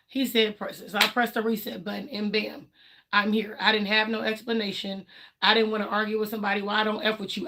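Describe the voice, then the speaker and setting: A woman hosts a livestream and talks frankly about her own life in loose, colloquial speech. She acts out what other people said to her, often switching into their voices for a line or two. Her voice sits at a middle pitch. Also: fairly bright tone. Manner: candid and emphatic, acts out quotes of others; colloquial, laughs between points. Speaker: livestream host. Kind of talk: casual personal talk on a livestream.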